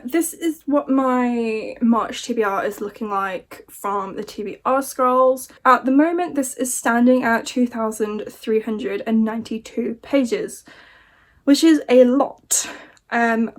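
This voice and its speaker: A young woman, talking casually to camera about her reading plans. Her voice sits a little on the high side, and she chats loosely, swears freely and jokes with exasperated humor. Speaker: book vlogger. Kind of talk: casual chat.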